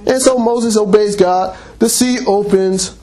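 A man's voice: high-pitched, unhurried. A man preaching a sermon, exhorting and retelling scripture stories with playful mockery. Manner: animated storytelling, mocking, exhorting.

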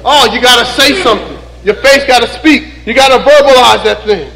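A male preacher giving a sermon and reading scripture slowly and deliberately, with folksy joking asides to the congregation. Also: very high voice, gravelly, pushed and bright, in a large hall, low-quality recording. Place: church.

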